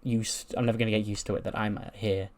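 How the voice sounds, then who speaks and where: A man's voice: on the low side, level tone, fast, lightly acted. A man voicing an earnest young woman wrestling champion in a game recap, in his own plain voice.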